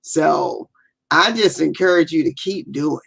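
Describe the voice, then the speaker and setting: A woman coach, a guest on a video call, speaking warmly and haltingly and often repeating herself. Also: low voice, gravelly, husky. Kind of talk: casual interview.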